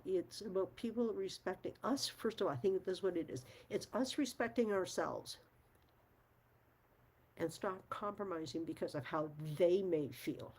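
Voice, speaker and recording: A woman's voice: on the low side, darkish tone, husky. A middle-aged woman talking frankly to her viewers, emphatic, swearing at times and laughing often. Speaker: channel host. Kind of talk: casual talk to camera.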